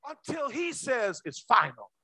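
This sermon comes from a man whose high, bright, husky voice makes huge pitch swings, moving from thunderous shouts down to near-whispers. He addresses the congregation directly at an unhurried pace, recorded close and dry with no echo.

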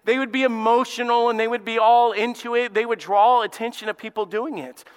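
The voice of this male lead pastor from Alabama is extremely high-pitched and clean, with fairly even intonation and a slightly fast pace, echoing in a large hall. With a Southern accent, he preaches conversationally, telling stories casually with plenty of fillers and restarts.

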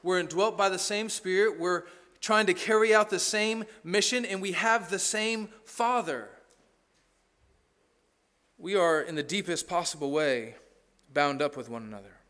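A man's voice: sits high, unhurried, a bit bright. A middle-aged man preaching a sermon in a casual, joking way, often checking in with "right?". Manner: conversational, sarcastic humor, asks "right?" often. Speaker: pastor.

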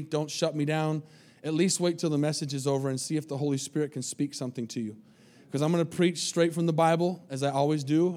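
A male pastor delivers a sermon in an earnest, pleading way, stumbling over repeated words as he presses his point. His voice sits a little high for a man, yet its tone is mellow and dark.

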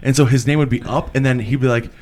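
A man's voice: medium pitch, fairly even intonation, fast, darkish tone. A young adult man in casual podcast chat, joking and swearing as he tells stories.

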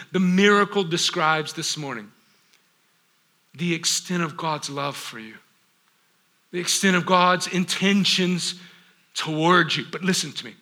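A man preaching a sermon, asking rhetorical questions and acting out scripture with dramatic pauses and sudden hushed drops. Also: high-pitched. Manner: rhetorical questions, acts out biblical quotes. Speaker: pastor.

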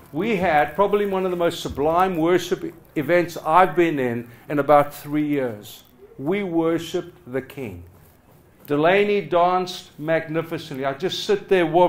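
Passionate man preaching a sermon. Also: a little high. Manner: passionate, swinging from loud urging to hushed. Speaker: pastor. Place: church hall with a congregation.

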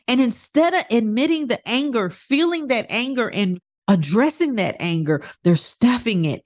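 Woman, podcast coach, animated delivery swinging up and down, close dry mic, blunt and salty. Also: medium pitch, no echo. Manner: candid, swears freely, acts out inner thoughts in quotes. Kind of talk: casual motivational monologue.

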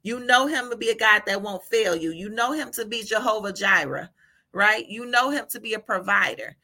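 A woman giving an informal devotional talk, animated, often laughing and asking "right?" as she encourages listeners. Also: medium pitch, normal speed. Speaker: faith encourager.

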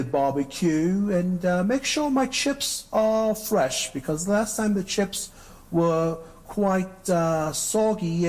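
A man putting on a slow, fussy British accent to order fast food. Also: high voice, a little mellow, voice pushed up, exaggerated voice.

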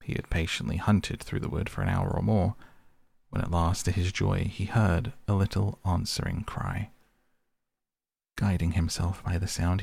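A man reading a storybook aloud in a measured, expressive narration. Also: low voice, creaky, husky, no echo.

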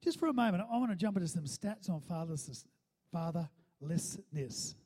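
A male pastor delivers a sermon with a high, mellow voice. He keeps checking in with his listeners and doubles back on words as he talks. The sound carries a long hall reverb. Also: animated, normal speed. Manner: calls for audience response, repeats words.

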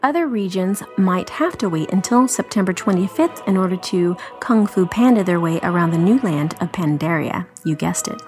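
Lady on a podcast reading out game news, even tone, little quips, faint music behind. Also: on the low side, moderate pace, few pauses. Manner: reads steadily, with joking asides. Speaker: podcast co-host. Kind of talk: reading a news article aloud.

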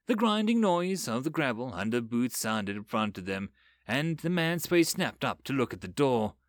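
A man reading a dark fantasy story aloud in an expressive, dramatic way. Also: mid-range voice, normal speed, dry recording, clean studio sound. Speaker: narrator. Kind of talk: audiobook story narration.

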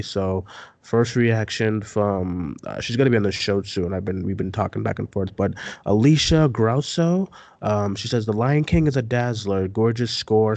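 A man co-hosting a casual film chat, rambling with lots of fillers and sudden jumps up in pitch when excited. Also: dry recording. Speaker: co-host, film site editor.

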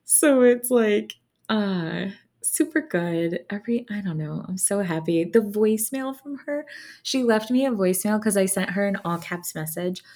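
A young adult woman co-hosting a podcast in casual chat, talking quickly and laughing often. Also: mid-range voice, lively intonation, darkish tone. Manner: chatty and bubbly, laughs often. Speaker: podcast co-host.

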